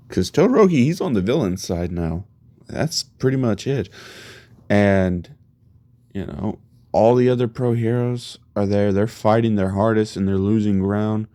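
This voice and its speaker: A man's voice: fairly low pitch, warm tone, no room sound. A man casually narrating a fan story in a loose, chatty way with many fillers.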